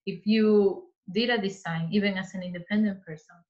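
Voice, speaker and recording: A woman's voice: medium pitch, steady tone, fairly quick, a little mellow. A woman gives career advice, earnest and repeating phrases as she works out her thoughts. Her voice sits in a middle register. The recording sounds a little dull and lo-fi. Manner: earnest, speaks in restarts and repeats. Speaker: interior designer guest. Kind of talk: casual interview advice.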